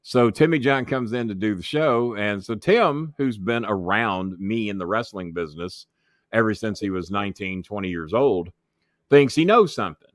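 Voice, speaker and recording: Middle-aged man, low voice, dry close sound; raunchy storyteller who swears freely and does voices for the people in his tales. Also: animated, moderate pace, dry recording. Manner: swears freely, acts out others' voices, laughs mid-story. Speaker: wrestling manager and commentator guest. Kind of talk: profane storytelling in an interview.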